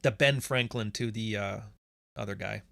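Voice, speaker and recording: A man's voice: fairly low pitch, normal speed, creaky, a bit bright, no echo. A man with a Canadian accent hosting a podcast, chatting casually and reading out questions from chat in a blunt, profane, sarcastic way, laughing often.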